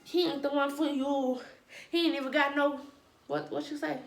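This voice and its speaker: A woman with a fairly high voice tells a personal story in a casual vlog. She throws in dramatic asides and playful sound effects. Her voice rings in a roomy, echoey space. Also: little pitch movement, normal speed, creaky. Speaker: storytime vlogger.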